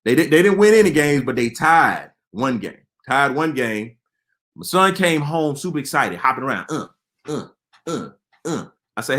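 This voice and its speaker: A man's voice: medium pitch, very animated, moderate pace, a bit bright. Exasperated comedian, a man. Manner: exasperated, punchy storytelling with repeated phrases. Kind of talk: stand-up comedy.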